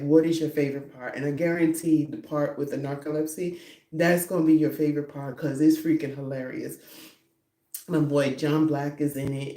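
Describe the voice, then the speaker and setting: A woman's voice: low-pitched, dark tone, reverberant. A woman hosting her own podcast, chatting casually and rambling, often breaking into giggles. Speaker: podcast host. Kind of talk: casual chat.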